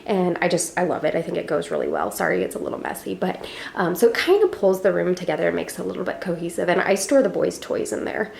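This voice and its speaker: Slightly winded, this young woman, a homeschooling mom vlogger, chats her way through a tour of her living room, full of fillers and side comments. She speaks quickly and very animatedly in a lowish, creaky voice.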